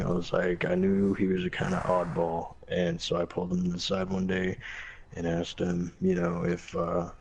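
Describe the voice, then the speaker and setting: A man's voice: low-pitched, gravelly, a little mellow, highs cut off, slight background noise. A young man, a former Marine, casually telling a profane, blunt story and quoting people along the way.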